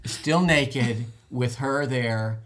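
A man's voice: mid-range voice, extremely slow, fairly bright tone. A man telling a rambling, self-deprecating story in casual group chat.

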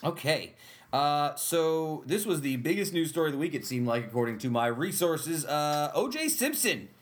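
Casting note: male podcast host with an Upstate New York accent, slightly haggard, lively and quick to laugh. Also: fairly high pitch. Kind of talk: casual chat.

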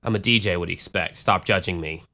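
A man's voice: sits low, fast talker, heavy background noise. A man hosting a podcast, telling a profane, rambling story in a self-deprecating way. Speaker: podcast host and DJ. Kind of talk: casual storytelling.

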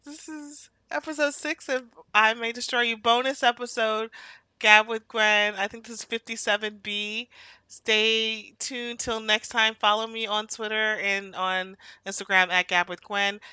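A woman hosts a casual podcast chat, tipsy from wine. Her voice is bright and fairly high, recorded close and dry. She rants animatedly, laughs often, then trails off quietly. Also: level tone, moderate pace, clean tone, no room sound. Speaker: podcast host.

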